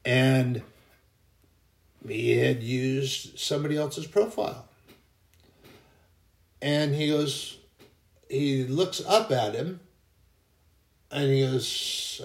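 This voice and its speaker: A man's voice: mid-range voice, extremely slow, gravelly, long pauses, reverberant. A man hosting a casual faith podcast, telling anecdotes in a rambling way that often corrects itself. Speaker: podcast host.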